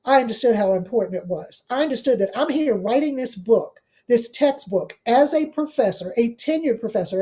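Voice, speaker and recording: Earnest middle-aged woman with a mellow voice. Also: high voice. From Washington, D.C. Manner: earnest, emphatic, repeats phrases for weight. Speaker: guest, law professor and author. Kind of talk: conversational interview storytelling.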